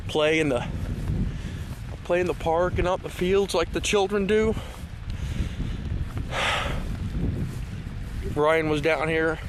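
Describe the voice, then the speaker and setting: A middle-aged vlogger from Washington State, USA, whose voice is on the high side, rambles through a casual outdoor vlog at a lakeside park. He restarts often, uses plenty of fillers, and grows emphatic when scolding. Background noise can be heard.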